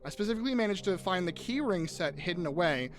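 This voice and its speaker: A young man chatting casually on a live gaming stream, jokey and swearing, quick to tear up. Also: high-pitched. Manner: animated, swearing, jokey, easily teary.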